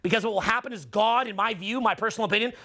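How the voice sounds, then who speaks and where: A middle-aged man giving an intense, preachy motivational monologue, swearing and slowing down to stress his points. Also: high-pitched, sharp tone. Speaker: dating and social skills coach.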